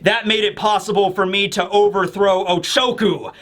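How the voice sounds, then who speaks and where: A man's voice: sits high, steady tone, moderate pace, fairly bright tone. A man voicing a boisterous, gloating male pirate captain with a laugh in his voice, read aloud in a comic review.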